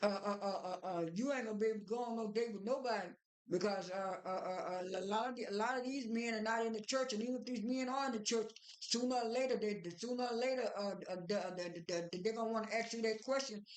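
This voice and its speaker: Woman vlogger, higher-pitched, loose rambling recap full of fillers, roomy echo. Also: quick pace. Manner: rambling, many fillers and restarts, retells dialogue. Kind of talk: casual episode recap.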